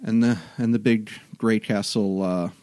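A man narrating a tabletop game as game master, in an unhurried, halting way with many fillers. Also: on the low side, steady tone, warm tone, dry recording.

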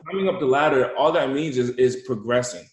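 A man telling an animated story and giving motivational talk as an interview guest, repeating himself for emphasis. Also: mid-range voice, fairly quick, roomy sound, dull audio. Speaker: guest, entrepreneur.

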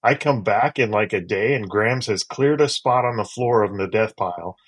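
Husky-voiced podcast co-host man. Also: fairly low pitch, moderate pace. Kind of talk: casual chat.

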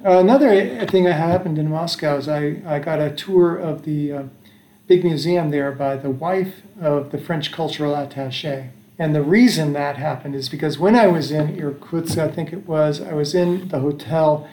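A man's voice: a little high, moderate pace, mellow. A man in his sixties from the United States, casually telling a family about his travels, with a rambling manner full of fillers and restarts. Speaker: father recalling travels. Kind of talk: casual storytelling chat. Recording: echoey room.

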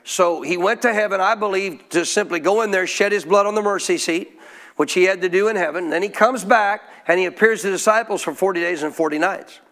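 High-pitched preacher guy quizzing his church, call-and-response style. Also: fairly quick, a bit bright. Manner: call-and-response preaching, asks the congregation questions. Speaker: pastor. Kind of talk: sermon.

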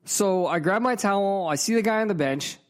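A man's voice: high-pitched, animated, brisk. A man in a casual, profane storytelling rant, emphatic and heated, with frequent asides to the viewer. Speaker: vlogger.

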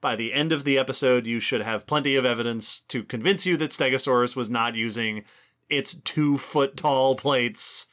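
Man, podcast co-host, bright voice, enthusiastic explainer. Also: medium pitch, moderate pace. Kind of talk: educational casual chat.

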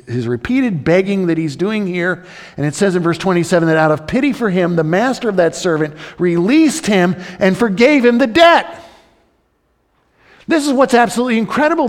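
A man preaches a sermon with lively energy, breaking into raised, dramatic voices for the characters in his story. His voice sits on the higher side for a man. Long reverb from a large hall trails after each phrase. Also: normal speed. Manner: animated, acts out the crowd and king in raised voices. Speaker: pastor.

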